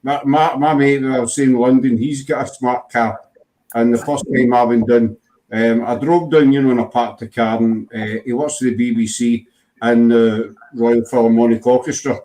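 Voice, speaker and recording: A man's voice: mid-range voice, steady tone, normal speed, mellow, slight background noise, low-quality recording. A man chatting casually as host, rambling through stories and saying "you know" a lot. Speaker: podcast host. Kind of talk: casual chat.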